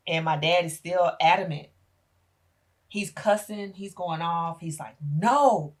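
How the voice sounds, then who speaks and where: Low husky woman telling her story. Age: middle-aged. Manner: animated retelling, acting out family members' voices. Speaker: podcast guest. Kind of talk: emotional personal storytelling.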